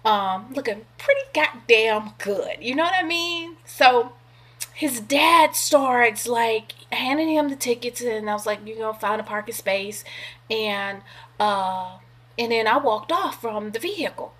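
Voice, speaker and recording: A middle-aged woman telling a long personal story casually, animated and profane, acting out what others said. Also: fairly high pitch, measured pace, breathy edge. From California. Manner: animated, profane, acts out quoted voices. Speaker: vlogger.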